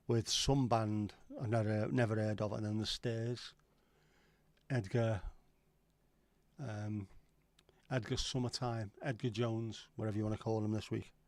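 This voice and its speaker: A man's voice: on the low side, fairly even intonation, unhurried, pauses often, a little mellow, dry recording. Rambling middle-aged man, livestream host. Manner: rambling, sweary, reads out chat comments. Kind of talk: casual livestream chat.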